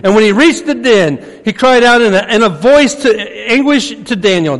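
A man preaching a sermon as pastor, swinging between emphatic preaching and hushed asides. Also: high voice, lively intonation, moderate pace, few pauses. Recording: long reverb of a large hall.

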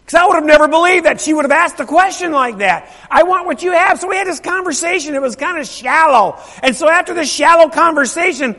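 A man's voice: extremely high pitch, lively intonation, fast, hardly any pauses, pushed and bright. A middle-aged male pastor telling a story in a sermon, emphatic and repeating his phrases while asking the congregation questions. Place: church sanctuary. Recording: long reverb of a large hall.

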